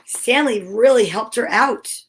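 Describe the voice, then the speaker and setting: Woman, storytime host, animated, playful, higher voice. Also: measured pace. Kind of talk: reading a picture book aloud with chatty asides.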